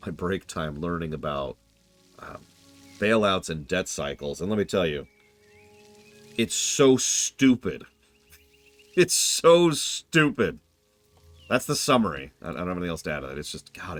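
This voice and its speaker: A man streaming a narrative game, breaking off into rambling, exasperated casual asides. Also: low voice.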